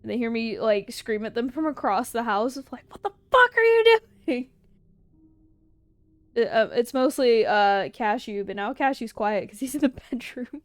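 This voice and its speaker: A woman's voice: fairly high pitch, moderate pace, few pauses, darkish tone, dry recording. A woman streamer in casual livestream chat, answering viewer questions, laughing often and swearing freely.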